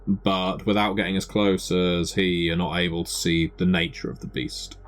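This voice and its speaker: A man narrating a tabletop game as game master, describing scenes in a measured way with occasional fillers. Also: low-pitched, flat delivery.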